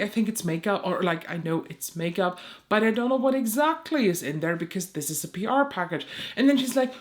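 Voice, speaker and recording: A woman's voice: medium pitch, lively intonation, brisk. A young woman, a beauty content creator, telling an exasperated story in a casual vlog, swearing often and acting out both sides of phone calls.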